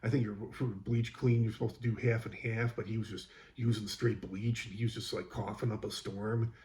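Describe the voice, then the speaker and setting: A man's voice: lowish voice, level tone, normal speed, a little mellow. A man who works as a school custodian, casually telling an exasperated, rambling story about a coworker, with lots of fillers.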